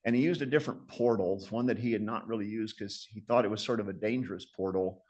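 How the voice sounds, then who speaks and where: A man's voice: on the low side, fast talker, a little mellow, lo-fi sound. A man in his sixties giving a conversational lecture as a guest surgeon, telling stories in a self-deprecating, reflective way.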